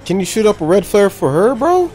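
A man's voice: high voice, sing-song, brisk, mellow, faint music behind. A young man casually reacting to a movie, talking in loose slang, cursing and laughing a lot.

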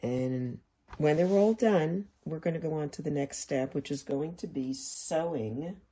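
A woman's voice: deep voice, unhurried, mellow, husky. A woman teaching quilting, chatting casually to viewers as she sews. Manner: chatty, talks to viewers while working. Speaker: quilting instructor. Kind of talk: casual sewing tutorial.

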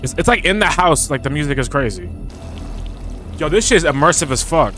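A young man commentating a horror game he is playing, loud, profane and joking as he talks back at it. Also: fairly high pitch, very animated, fairly quick. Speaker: gaming streamer. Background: game music.

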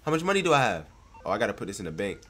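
A man's voice: fairly low pitch, very animated, very fast, soft background music. A young man with a congested voice from a cold, giving slangy, hyped commentary over his gameplay. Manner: slangy, hyped, loud outbursts. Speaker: gaming streamer.

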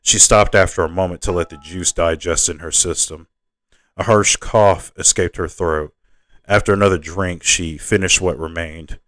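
A man reads his own novel aloud in a very low, deep voice. The delivery is plain, with the occasional stumble and restart. The recording is close and dry, with no room sound. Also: fairly even intonation, normal speed, fairly bright tone, no room sound. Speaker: author reading his novel. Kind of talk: audiobook narration.

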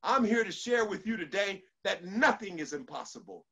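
A man's voice: high-pitched, lively intonation, normal speed, gravelly, a bit bright, breathy edge. A man giving a motivational speech to an online audience, preacherly, repeating lines for emphasis and leading call-and-response. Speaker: motivational speaker.

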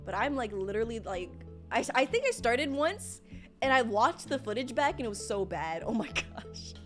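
A woman's voice: fairly high pitch, big pitch swings, moderate pace, fairly bright tone. A young woman streaming a game, rambling and panicking aloud as she plays. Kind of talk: casual gameplay livestream. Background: game music.

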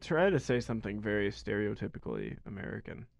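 A man's voice: lowish voice, wildly swooping pitch, quick pace, gravelly. A man co-hosting a radio show, playfully running the segments and taking callers. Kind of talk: casual radio banter. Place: radio studio. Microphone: studio microphone.

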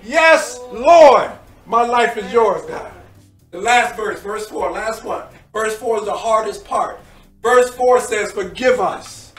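A man preaching and leading a congregation in impassioned, pleading prayer, repeating his calls to God and rising to shouts. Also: high voice, lively intonation, slow, recorded from a distance. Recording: echoey room with music behind, off-mic.

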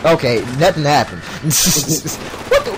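A man's voice: fairly high pitch, wildly swooping pitch, takes it slowly, heavy background noise. A man hosting a gaming video, bantering crudely with a friend and laughing a lot while he plays. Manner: crude teasing, laughs often. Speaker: gaming channel host. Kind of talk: casual let's-play banter.

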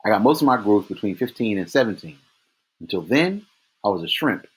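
A man's voice: on the low side, sing-song, a little fast, poor audio. A man doing a big, plain-spoken prison guard. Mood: earnest. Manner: plain-spoken, rough grammar. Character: big burly prison guard, grown man, gruff and shaken.

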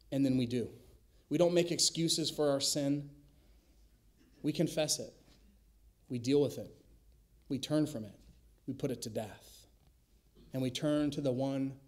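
A male pastor preaching a sermon in a church, emphatic, slowing and dropping to a hush on key words. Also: mid-range voice. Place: church sanctuary.

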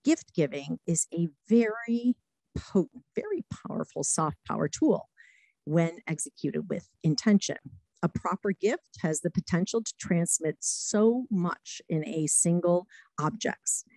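A middle-aged woman, a former diplomat, giving a talk full of lively anecdotes and acted-out quotes. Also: fairly low pitch, measured pace, gravelly, no room sound, poor audio. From United States. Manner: lively anecdotes, acts out quotes, laughs often. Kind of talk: storytelling talk.

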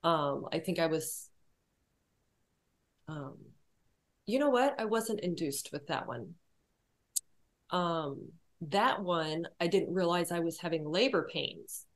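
Soft-spoken hesitant woman, low voice. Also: lively intonation, slow, long pauses. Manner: hesitant, with many fillers and restarts. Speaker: podcast guest sharing her loss. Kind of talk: personal storytelling in conversation.

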